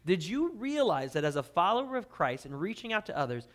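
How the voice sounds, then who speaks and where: A man preaching a sermon as pastor, swinging between hushed intensity and loud emphasis while reading scripture. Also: fairly high pitch, very animated, moderate pace, few pauses. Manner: dynamic preaching, drops to quiet intensity then swells loud.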